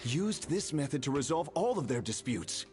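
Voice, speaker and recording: A man's voice: fairly high pitch, very animated, normal speed, over music. An actor playing an adult male restaurant chef in a video game, speaking with an exaggerated put-on French accent. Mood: telling.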